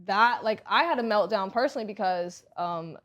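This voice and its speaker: A woman hosting a podcast, telling a story in a casual, animated way, laughing often and swearing freely. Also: medium pitch, normal speed, highs cut off. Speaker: podcast host.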